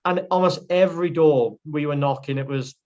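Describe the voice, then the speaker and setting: A young man from Wales speaks his mind in a casual interview, blunt and outspoken, his voice sitting a little high. The audio is dull and lo-fi, as if carried over a remote call. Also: a little fast, a little mellow. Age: young adult. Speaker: politician interviewed as guest.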